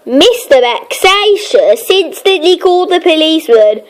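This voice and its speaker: A woman reads a children's storybook aloud in a high, lively voice. Her delivery is slow and expressive, with lots of rise and fall. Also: rough recording. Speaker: narrator. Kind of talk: storybook narration.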